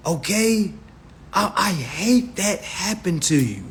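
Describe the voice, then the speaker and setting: A man's voice: high-pitched, very animated, slow pace. A young man hosting a phone livestream, giving blunt, profane instructions on reading contracts and checking in with his viewers again and again. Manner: blunt, profane, keeps checking in with "all right?"; repetitive, emphatic preaching tone. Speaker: livestream host teaching consumer law. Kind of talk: casual instructional livestream rant. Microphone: phone on a live stream.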